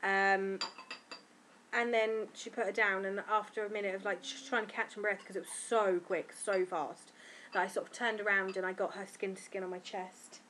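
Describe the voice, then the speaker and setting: A sleep-deprived woman frankly recounts giving birth in a casual vlog, giggling, chatting and acting out what people said. She speaks at normal speed in a medium-pitched, level, slightly bright voice, with a little hiss or hum underneath.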